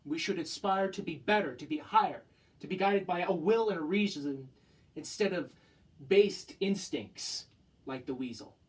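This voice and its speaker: A man's voice: on the high side, normal speed, far from the mic, poor audio. A young man giving an earnest spoken presentation to a professor, impassioned and full of rhetorical questions. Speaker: student giving a talk.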